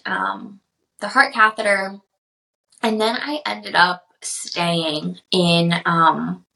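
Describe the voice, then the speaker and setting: A woman's voice: medium pitch, pushed and bright, poor audio. A young woman hosting a podcast, telling a personal story in a chatty way with many fillers. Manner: chatty, lots of "like" and "um", gets emotional in places. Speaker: podcast host.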